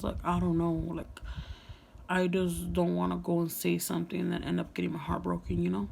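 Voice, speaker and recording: A young woman telling a story in a casual vlog, chatty and profane, full of "like" and "you know", sometimes dropping to a hush. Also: lowish voice, vocal fry, a little hiss or hum. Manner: drops into hushed whispers at times. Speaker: vlogger.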